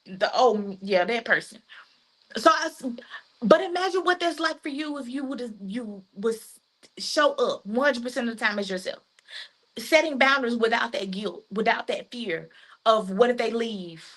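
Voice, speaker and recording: A woman's voice: a little high, sharp tone. A woman with a Southern US accent giving an emphatic, repetitive live-stream coaching talk in folksy phrasing. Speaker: life coach.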